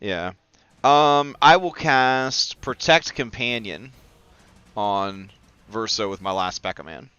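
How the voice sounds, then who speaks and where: A man playing a tabletop game, chatty and excitable while taking his turn. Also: on the low side, slow, smooth, no room sound, lo-fi sound. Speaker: player.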